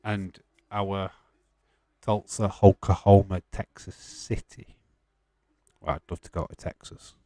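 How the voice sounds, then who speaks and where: A man's voice: deep voice, flat delivery, slow, pauses often, dark tone, no room sound. A man hosting a live watch-along stream, chatting casually, answering viewer questions with frequent laughs and the odd swear.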